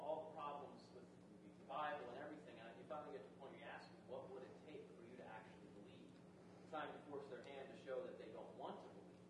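Pastor speaking from far off in an echoey room. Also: male voice, medium pitch, heavy background noise. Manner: halting, repeats words. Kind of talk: casual discussion in a church class.

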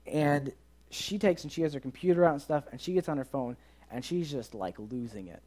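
A man's voice: on the high side, brisk. A young man leading a youth ministry, telling a story in a sermon and acting out the voices of the people in it. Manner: animated, acts out quoted dialogue in the story.

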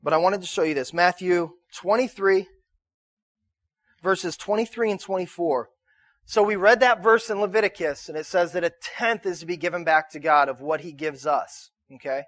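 A man's voice: high-pitched, normal speed, fairly bright tone, no room sound, studio quality. A man preaching as pastor, talking in a conversational way, asking the congregation to answer back and often repeating words as he restarts. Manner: conversational preaching with call-and-response questions. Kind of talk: sermon.

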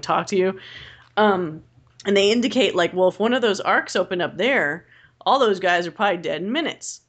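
Rambling, animated young woman. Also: fairly low pitch. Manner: rambling, animated, swears freely. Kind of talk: casual chat.

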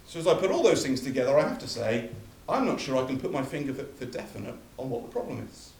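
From far off in an echoey church hall, a man preaches an emphatic sermon that builds through repeated phrases. He talks fast in a mid-range, darkish voice with big pitch swings.

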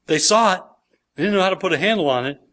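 A man's voice: high-pitched, expressive, fast talker, fairly bright tone. A man, a pastor, preaching a sermon in church, reading scripture aloud with emphasis and explaining it verse by verse.

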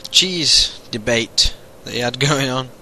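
A man's voice: medium pitch, takes it slowly, pushed and bright, low-quality recording. A man hosting a podcast, chatting casually and telling cheeky jokes with a lot of laughter. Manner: cheeky, laughs often, acts out jokes in voices. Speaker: podcast host.

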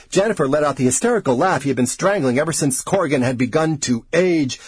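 A man reads an audiobook with expressive, dramatic delivery. His voice is husky and breathy, with a lively, wide-ranging pitch. The recording is dry and close. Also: fast, few pauses, no echo. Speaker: narrator. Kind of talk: audiobook narration.

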